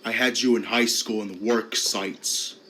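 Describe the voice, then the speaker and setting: A man voicing a smug male officer and teacher who taunts in a low, slow, mocking drawl. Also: fairly even intonation, bright, forceful tone, slight background noise, low-quality recording. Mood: smug, taunting.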